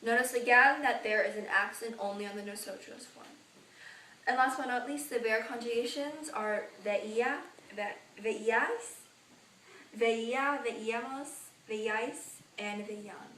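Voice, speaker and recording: Teen girl reading verb endings off a list, bit high, sounds far off in a roomy space. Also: unhurried, sharp tone, slight background noise. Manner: careful recitation of verb endings. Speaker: student presenter. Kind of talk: reading a grammar lesson. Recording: echoey room, mic at a distance.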